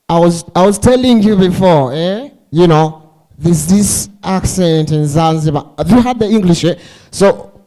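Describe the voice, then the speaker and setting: A man's voice: high-pitched, lively intonation, a little slow, dark tone, low-quality recording. A man emceeing a ceremony, playful and teasing, throwing questions at the crowd. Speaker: master of ceremonies. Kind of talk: joking emcee banter.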